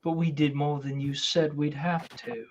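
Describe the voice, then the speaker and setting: A man's voice: a little high, level tone, moderate pace, a little mellow, lo-fi sound, slight background noise. Blunt man bargaining as a player. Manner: pushy bargaining, blunt short replies. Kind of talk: casual game talk.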